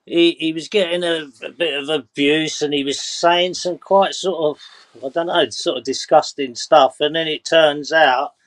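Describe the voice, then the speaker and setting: A man's voice: on the high side, fairly even intonation, measured pace, a bit bright, dry recording. A man hosting a livestream, chatting casually and restarting his sentences as he tells a story. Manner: hesitant, restarts while telling a story. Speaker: stream host. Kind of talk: casual chat.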